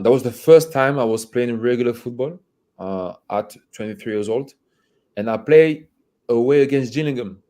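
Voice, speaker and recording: A man guest in a candid conversational interview, with a low, mellow voice. He talks haltingly, repeats words as he searches for them, and laughs between phrases. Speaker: interview guest, former footballer.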